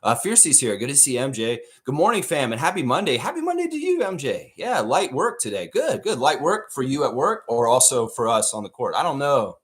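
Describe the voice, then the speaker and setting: A man's voice: mid-range voice, a little fast, hardly any pauses. A man hosting a live stream, chatting casually and ranting with plenty of swearing. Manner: profane, animated rant reading chat.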